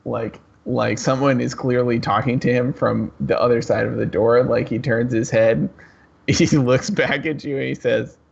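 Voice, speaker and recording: A man's voice: mid-range voice, steady tone, unhurried, vocal fry, breathy edge, lo-fi sound. A man narrating as game master of a tabletop game, with hesitant, stammering narration.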